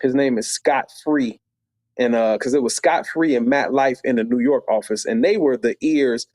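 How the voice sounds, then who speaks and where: A middle-aged man from Chicago telling a story as a podcast guest, animated and acting out voices. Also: mid-range voice, normal speed, no echo. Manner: animated, acts out quoted voices.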